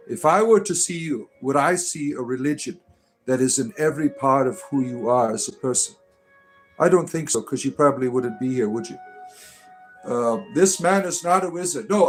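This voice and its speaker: An older man rambling through mock-spiritual replies to comments, halting and chuckling, with an irreverent deadpan manner. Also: mid-range voice. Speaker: comedic spiritual character responding to comments. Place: Ireland.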